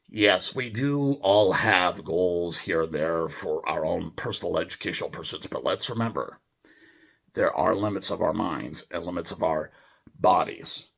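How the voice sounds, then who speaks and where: A man rambling in a deadpan monologue, full of fillers and restarts. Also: low voice, normal speed, vocal fry. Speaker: video host reading a poem.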